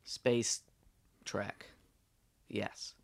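A man co-hosting a comedy podcast, talking goofily, laughing a lot and dropping deadpan asides. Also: extremely slow, in a whisper. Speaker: podcast co-host. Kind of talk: casual comedy podcast banter.

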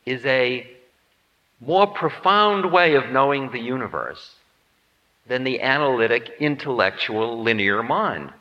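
Wry, lively man lecturing in a hall. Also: mid-range voice, a little slow. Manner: musing, wry, self-mocking. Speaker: spiritual teacher. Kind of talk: humorous spiritual lecture. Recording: dull lo-fi tape in reverberant hall.

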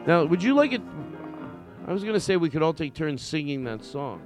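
A man's voice: on the high side, sing-song, brisk, over music. A man hosting a podcast in casual comedic chat, playful and rambling as he teases his guest. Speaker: podcast host.

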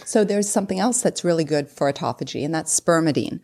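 Guest: woman, mid forties, low voice, eager explainer who talks through analogies. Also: animated, fast, a little mellow. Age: 40s. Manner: explanatory, uses analogies, giggly asides. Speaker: podcast guest. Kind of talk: casual interview chat.

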